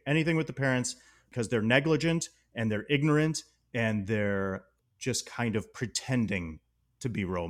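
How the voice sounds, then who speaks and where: A man co-hosting a podcast, talking casually and enthusiastically about a movie, laughing often. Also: lowish voice. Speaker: podcast co-host. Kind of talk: casual film discussion.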